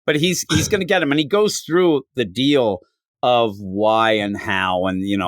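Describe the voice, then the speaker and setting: A man co-hosting a podcast, casually recapping a comic and acting out characters' lines in quick put-on voices. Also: fairly low pitch, no room sound, clean studio sound. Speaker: podcast co-host. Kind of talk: casual comic book chat.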